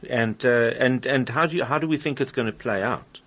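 A man's voice: medium pitch, brisk, a bit bright, slightly rough, dull audio. A man hosting a radio interview, asking his guest questions with brief, friendly prompts. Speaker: radio host.

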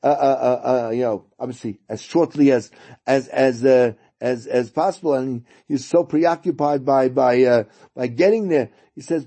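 A man telling a story during a lesson, halting and repeating words as he goes. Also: mid-range voice, mellow, slightly rough. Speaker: teacher.

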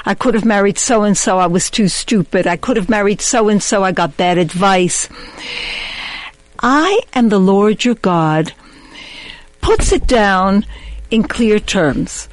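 A woman hosts a thoughtful, affirming discussion on faith and marriage, reflective and religious in tone. She speaks slowly at medium pitch, and the recording is dry and rough.

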